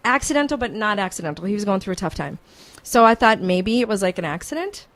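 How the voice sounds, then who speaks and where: A woman hosting a morning radio show, telling a story in an animated, chatty way. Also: medium pitch, fast talker. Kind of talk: casual radio chat, storytelling. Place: radio studio.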